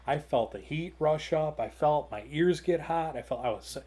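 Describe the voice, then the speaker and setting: A man's voice: fairly high pitch, normal speed, warm tone. A man telling a long, rambling anecdote on a gaming talk show, full of fillers and restarts, recorded at home in his hobby room.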